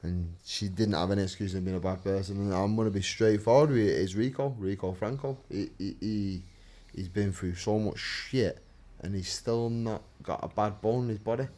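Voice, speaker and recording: A man's voice: lowish voice, moderate pace, dark tone. A man, a fighter talking casually and earnestly on a podcast, swearing freely and repeating himself. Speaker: fighter guest.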